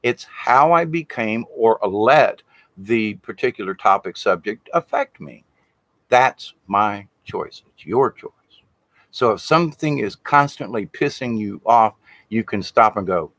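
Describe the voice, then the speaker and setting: Male shaman teacher with a lively, swinging delivery, plain-spoken and blunt, who swears casually. Dry, close sound. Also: a little high, unhurried, dry recording. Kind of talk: informal spiritual teaching monologue.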